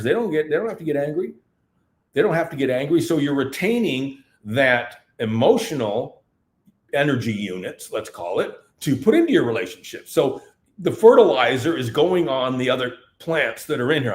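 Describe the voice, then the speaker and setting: A man delivers a motivational talk with an emphatic, repetitive style. His pitch rises and falls in a lively way. The sound carries a noticeable room echo. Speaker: seminar speaker. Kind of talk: live talk at a festival.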